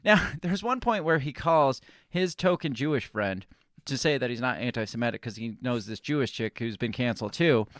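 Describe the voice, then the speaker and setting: Dry-voiced profane podcast host. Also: male voice, medium pitch, expressive, normal speed, no room sound. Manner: loose, profane, laughing. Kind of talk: casual reaction commentary.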